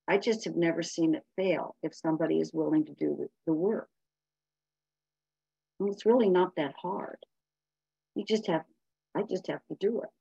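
A woman's voice: fairly low pitch, creaky, dark tone, breathy edge, no room sound, highs cut off. A woman giving a blunt, emphatic personal share as a speaker at a recovery meeting.

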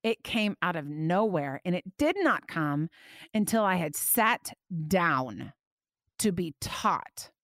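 A woman hosting a faith podcast, telling a personal story with animated, emotional delivery that climbs high when she quotes her prayers. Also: takes it slowly, no echo, studio quality. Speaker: podcast host.

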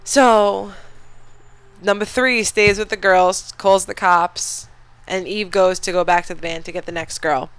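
A podcast host rambling through a movie recap, swearing freely and padding it out with "um" and "you know". The voice has a gravelly fry, yet its tone stays smooth and clear. The recording is dry and close-miked. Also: mid-range voice, steady tone, unhurried, fairly bright tone, no room sound. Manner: rambling, profane, filler-heavy storytelling. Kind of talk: casual movie recap chat.

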